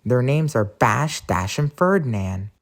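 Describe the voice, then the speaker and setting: A cheerful, friendly tank engine, voiced by a man who speaks in a chatty, everyday way. It is told as a plain storybook voice at a middling pitch. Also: animated, measured pace.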